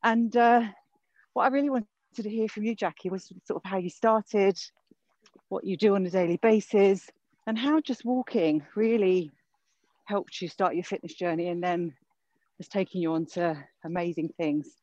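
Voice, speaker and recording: A woman's voice: medium pitch, moderate pace, a little mellow, no echo. A woman hosting an interview while walking in a park, out of breath and chatty. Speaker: podcast host. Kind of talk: casual interview. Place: outdoor park. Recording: dull lo-fi recording.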